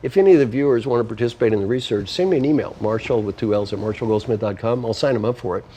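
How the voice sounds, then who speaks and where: Speaking very fast in a dark, medium-pitched voice, this man appears as an interview guest, an author and coach. He lays out his ideas in numbered lists with emphatic, teacherly energy, and there's slight background noise.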